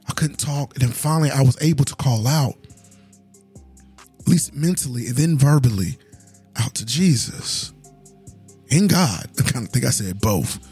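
A man's voice: mid-range voice, darkish tone, slightly rough. A man hosting a podcast, earnestly telling a personal story in a casual, conversational way and speaking straight to his listeners. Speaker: podcast host.

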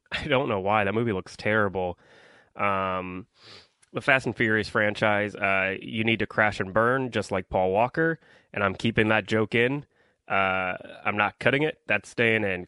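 A man's voice: lowish voice, sharp tone, smooth, dry recording. A young man hosting a solo podcast, rambling through a casual movie review with lots of ums and likes while complaining about his audience. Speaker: podcast host.

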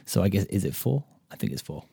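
Low, husky British man teaching casually. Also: fast talker. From United Kingdom. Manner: relaxed, thinks out loud with many ums and counts beats aloud. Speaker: podcast host and guitar teacher. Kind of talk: casual solo podcast lesson.

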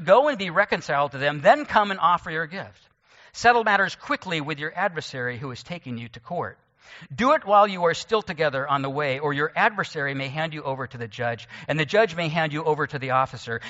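A male pastor with a bright, tense voice, pitched a little high, preaching to his congregation. He moves between explanation and light self-deprecating asides. The sound is dull and carries a long church reverb. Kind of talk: sermon. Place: church sanctuary.

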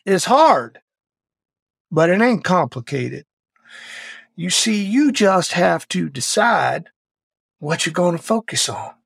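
Tough old drill instructor played by a man: blunt, drawling, gravelly, pitched up. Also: very animated, slow pace, long pauses, no echo, studio quality, full character voice. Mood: challenging. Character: gruff older male Navy SEAL instructor, tough.

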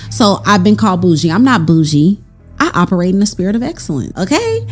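A woman's voice: mid-range voice, sing-song, fairly quick, husky, soft background music. A young woman hosting a faith-based girl talk monologue to camera, emphatic and preachy, calling her listeners y'all. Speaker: host.

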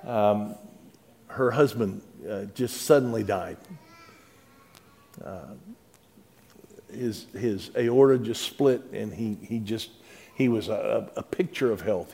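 A male pastor with a medium-pitched voice delivers a sermon conversationally. He repeats words and swings between soft, quiet passages and louder, emphatic ones.

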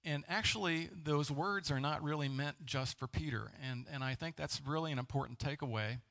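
A man preaching a sermon as a pastor, halting and searching for words with many fillers and restarts. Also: a little high, vocal fry, fairly bright tone. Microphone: presenting with slides.

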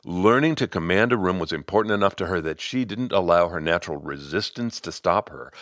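A man's voice: deep voice, no room sound, studio quality. A man, a voice coach and podcast host, narrating and talking to listeners in a conversational, playfully demonstrative way.

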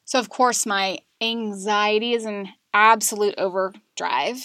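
A woman's voice: mid-range voice, fairly even intonation, measured pace, bright, forceful tone, dry recording, studio quality. Candid woman telling a hard story. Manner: candid, emotional, frequent fillers. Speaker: guest. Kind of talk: personal story interview. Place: Charlotte area.

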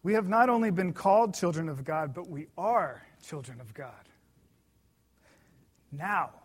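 High-voiced man preaching an earnest sermon. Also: animated, slightly rough. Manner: earnest and emphatic, slows down to stress key words.

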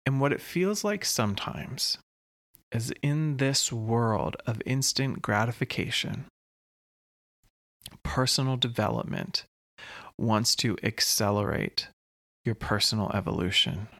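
A man hosting his own podcast, talking slowly and earnestly in a reflective solo monologue with long pauses. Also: mid-range voice, animated, gravelly, fairly bright tone, no room sound, clean studio sound. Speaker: podcast host.

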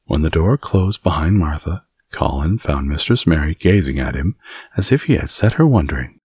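A man narrating a classic children's novel as an audiobook, in a measured storytelling manner. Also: very deep voice, animated, a little mellow, breathy edge, no echo, clean studio sound. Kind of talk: scripted narration.

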